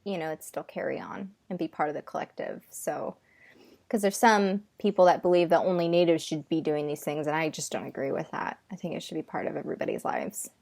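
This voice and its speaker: A woman's voice: deep voice, brisk, gravelly, a little mellow. A woman from the United States, co-host and spirit medium, talking earnestly in a casual video-call chat and often restarting her sentences.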